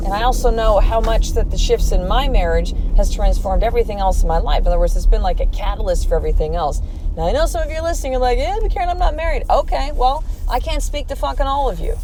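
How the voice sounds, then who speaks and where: A woman's voice: mid-range voice, noisy background. Blunt, profane woman podcast host. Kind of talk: solo motivational podcast monologue.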